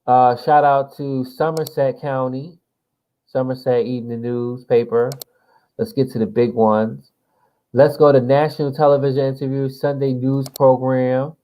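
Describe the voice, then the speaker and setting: A man's voice: medium pitch, little pitch movement, a little slow, warm tone. A young man from New Jersey, chatting loosely to himself while he plays a political simulation game and swearing casually. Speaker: gamer playing a political simulation. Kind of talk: casual gameplay commentary.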